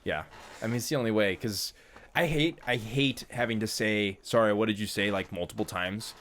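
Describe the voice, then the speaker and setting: Laid-back man with a lowish voice. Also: normal speed, a bit bright, a little hiss or hum. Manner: laid-back storyteller, laughs often, loose filler-heavy phrasing. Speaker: podcast co-host. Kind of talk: casual chat.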